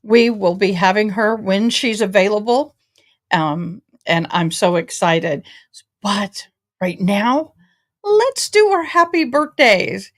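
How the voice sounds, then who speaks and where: A woman's voice: mid-range voice, lively intonation, slow. A woman hosting a casual livestream, bubbly and effusive, greeting viewers as y'all. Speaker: host of a legal news channel.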